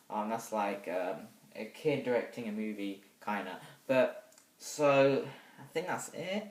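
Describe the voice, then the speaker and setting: A young man reviewing a movie in a rambling, hesitant way, with sudden loud bursts of excitement. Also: fairly low pitch, unhurried. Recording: echoey room, mic set back.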